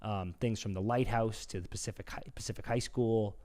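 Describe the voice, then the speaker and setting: A man's voice: fairly low pitch, fairly even intonation, fairly quick, a little mellow. A man co-hosting a hockey podcast, chatting casually and enthusiastically with slang, and reading sponsor ads. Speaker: podcast co-host. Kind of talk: casual podcast chat and host-read ad.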